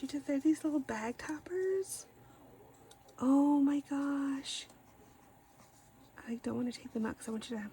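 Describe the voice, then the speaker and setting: A woman's voice: medium pitch, warm tone, a little hiss or hum, rough recording. A woman hosting a craft channel, unboxing a swap package. She gushes and gasps over each item and often says "oh my gosh.".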